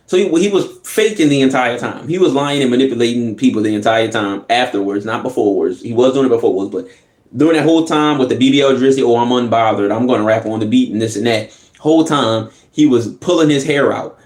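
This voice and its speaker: A slangy, animated man gives loose reaction commentary and breaks into laughs between points. His voice sits at an everyday pitch. It rings a little in an echoey room. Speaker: reaction video host.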